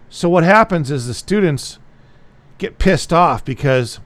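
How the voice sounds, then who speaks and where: A man's voice: on the high side, expressive, a little slow, no room sound. A man giving a casual guitar lesson, talking bluntly and repeating himself to drive a point home. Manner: blunt, repetitive, plain-spoken. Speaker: guitar teacher.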